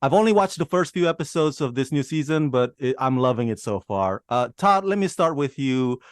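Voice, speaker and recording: Host, male, upbeat and talkative, mid pitch, dry mic. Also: expressive, a little fast, clean tone, no room sound. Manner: enthusiastic, chatty. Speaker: interview host. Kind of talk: video interview questions.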